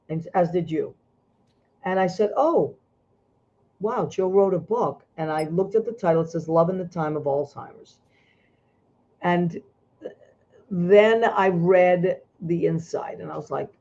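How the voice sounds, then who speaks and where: Her voice is low and mellow as this Italian-American woman hosts a talk show by video call, effusive and emotional, frequently beginning sentences over. The sound comes through as dull lo-fi call audio.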